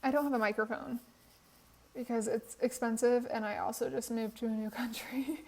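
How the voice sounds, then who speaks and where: A woman's voice: on the high side, steady tone, normal speed, a little mellow, low-quality recording. Tired young woman chatting over a phone mic. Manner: chatty, laughs often, tired. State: tired, worn voice. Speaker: Sims speed build creator. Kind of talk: casual voiceover chat. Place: apartment room.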